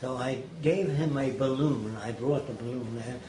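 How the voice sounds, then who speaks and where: Old man spinning emphatic stories, middle pitch, echoey room with faint hiss. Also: normal speed, mellow. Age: older. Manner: emphatic, acts out quotes. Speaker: interviewee. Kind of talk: anecdotal storytelling. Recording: roomy echo, faint noise.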